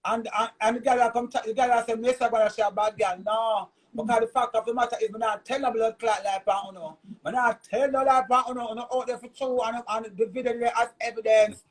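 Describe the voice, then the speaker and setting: High-voiced Jamaican man ranting. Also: steady tone, fast, hardly any pauses, rough recording. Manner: cursing, repetitive, emphatic patois rant. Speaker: vlogger. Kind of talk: heated live rant.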